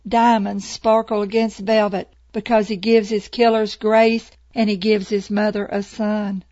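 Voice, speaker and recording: Slow, solemn woman reading devotions. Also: medium pitch, a little mellow, no room sound. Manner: slow, measured, solemn delivery. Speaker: devotional reader. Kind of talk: scripted devotional narration. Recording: dull lo-fi dry recording.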